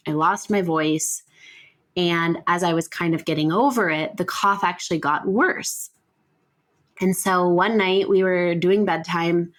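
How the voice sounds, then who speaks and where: A woman's voice: fairly low pitch, a bit bright. A woman in her thirties, hosting a podcast and telling a personal story in a casual, chatty way, with frequent self-corrections. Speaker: podcast host.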